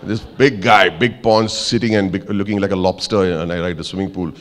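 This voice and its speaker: In a large hall, a man with a low-pitched voice and an Indian English accent speaks a little fast. He's giving a motivational keynote, telling a story with animation, acting out its characters and joking with the audience.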